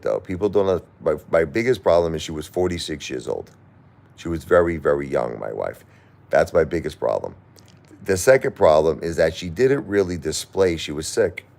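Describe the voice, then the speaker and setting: A middle-aged man on a live stream, talking through grief and reading viewer comments, halting and repeating himself, at times crying. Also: low voice, a little mellow. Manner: halting, repeats words, grief-stricken and pleading. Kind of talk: emotional live-stream talk.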